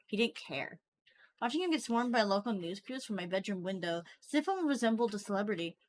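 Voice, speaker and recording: A woman streamer reading a horror story aloud, animated and quick to joke between passages. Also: fairly high pitch. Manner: animated, breaks into laughter and jokes.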